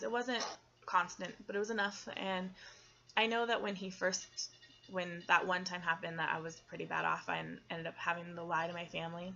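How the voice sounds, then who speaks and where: A young adult woman telling her personal faith testimony, earnest and halting, with frequent pauses and restarts. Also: lowish voice, pushed and bright, highs cut off. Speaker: testimony speaker.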